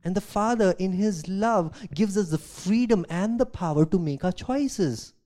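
A man, a pastor, preaching a sermon, reading scripture aloud and asking rhetorical questions, swinging from loud emphasis to quiet asides. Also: high voice, animated, a little slow. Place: church.

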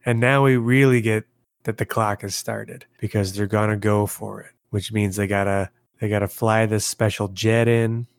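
A man co-hosts a casual podcast with a fairly low voice. He recaps movie plots wryly and playfully. His sound is dry and close to the mic. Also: steady tone, moderate pace, smooth, dry recording. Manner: wry, playful, laughing easily. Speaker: podcast co-host. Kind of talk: casual chat.

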